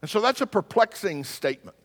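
Male pastor, sermon, animated storyteller, slightly high voice, long hall reverb. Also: brisk. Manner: storytelling, animated, wry humor.

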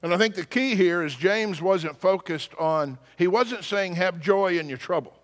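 Preacher, man, wry and animated, slightly raised pitch, heard in an echoing sanctuary. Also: normal speed. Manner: storytelling, animated, wry humor. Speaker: pastor. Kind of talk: sermon.

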